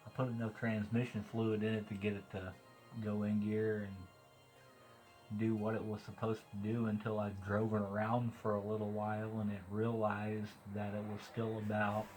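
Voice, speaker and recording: A vlogger with a Missouri accent chats casually in a video log, rambling and chuckling often, with guitar music playing behind him. His fairly low, monotone voice is a little mellow at a moderate pace, and the recording is rough.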